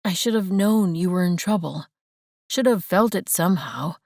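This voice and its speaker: A woman reading an earnest young man, low and tender. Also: normal speed, creaky, dry recording, studio quality. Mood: remorseful. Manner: low, soft-spoken, heartfelt.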